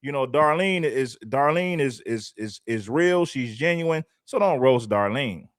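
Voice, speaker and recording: A man's voice: medium pitch, lively intonation, measured pace, no room sound, studio quality. A man hosting a reaction commentary show, talking in an emphatic, repetitive, chatty way.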